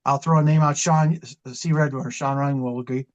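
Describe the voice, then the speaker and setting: A man's voice: fairly high pitch, fairly even intonation, moderate pace, muffled recording. A middle-aged man, a wrestling manager, telling long impassioned stories in an interview, rambling and repeating himself as he goes. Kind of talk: storytelling interview talk.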